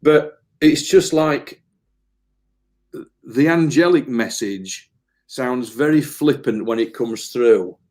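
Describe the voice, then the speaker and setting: A man's voice: medium pitch, expressive, slow pace, pauses often, a little mellow. Earnest, rambling man. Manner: earnest, emotional, meandering with repeated words. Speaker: medium, interview guest. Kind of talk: casual spiritual interview talk.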